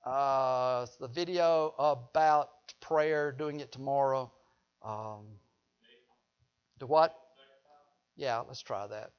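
A man's voice: mid-range voice, slow pace, pauses often, clean tone. A man preaching a sermon in a folksy way, joking with the congregation. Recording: dull lo-fi recording.

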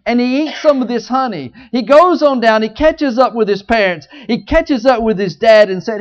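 A preacher telling a Bible story in a sermon, swinging between loud, high outbursts and hushed low asides, joking with the congregation. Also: normal speed, hardly any pauses. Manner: jokes with the congregation. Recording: dull lo-fi recording.

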